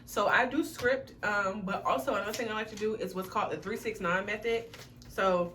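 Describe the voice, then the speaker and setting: A woman's voice: medium pitch, brisk, a bit bright, distant mic, a little hiss or hum. A young woman, chatting casually to camera as a vlogger and swearing freely. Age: young adult.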